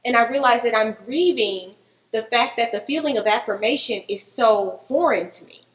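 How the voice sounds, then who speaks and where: A woman talking earnestly in a group discussion, reflective and slowing on the points that matter to her. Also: on the high side, low-quality recording.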